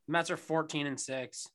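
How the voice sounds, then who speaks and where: A man's voice: on the high side, pushed and bright. A man in his thirties co-hosting a podcast, ranting sarcastically and swearing through casual sports chat. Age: 30s. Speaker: podcast co-host.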